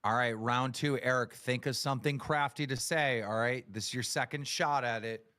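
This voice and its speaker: A man's voice: medium pitch, moderate pace, pushed and bright, no room sound, studio quality. A man hosting a livestream game, animatedly directing the players. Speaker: livestream host.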